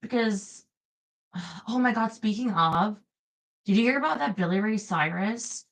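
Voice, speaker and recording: A woman's voice: mid-range voice, animated, measured pace, poor audio. A young woman streaming live, chatting casually with her viewers, laughing often and reading out their comments. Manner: chatty, giggly, reads chat aloud.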